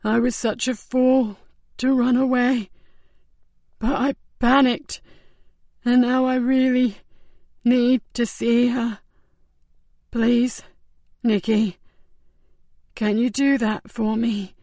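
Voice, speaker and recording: A woman voicing a dying, tortured man who speaks in a slow, halting, breathy near-whisper, short of breath. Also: a little high, level tone, a little mellow, no echo, pitched above the performer's own voice. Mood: weak pleading.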